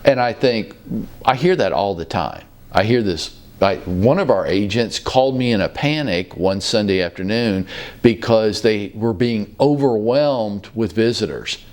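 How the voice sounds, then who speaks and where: Low-voiced guy in his 50s, relaxed folksy storyteller, hosting a chat from his office. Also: measured pace. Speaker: real estate brokerage leader hosting a show. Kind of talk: casual conversational talk show.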